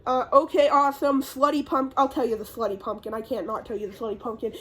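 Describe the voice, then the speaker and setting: A young woman talks off the cuff in a slightly high voice, rambling and swearing her way through a recap. She fills her pauses with ums and uhs, like a casual vlogger chatting to camera. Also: little pitch movement, a bit bright. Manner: rambling, profane, lots of fillers. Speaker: YouTuber.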